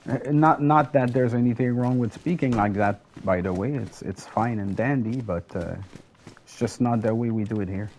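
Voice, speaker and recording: A man's voice: medium pitch, moderate pace, darkish tone, slight background noise. A French Canadian man whose first language is French, giving chatty, rambling gameplay commentary with casual swearing. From Quebec, Canada. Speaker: gaming channel host.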